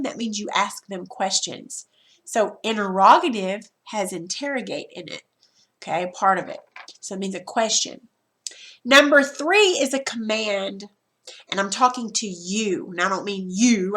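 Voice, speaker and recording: A woman's voice: mid-range voice, unhurried, fairly bright tone. A woman teacher talking students through a recorded grammar lesson, chatty and informal, repeating herself and restarting as she explains.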